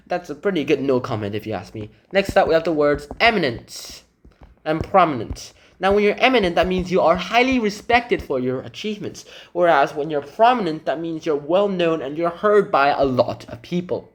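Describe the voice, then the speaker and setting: A young man whose first language is Korean explains English vocabulary in a relaxed way, thinking aloud with hedges and asides. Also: on the high side, normal speed. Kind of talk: casual explanation reading example passages aloud.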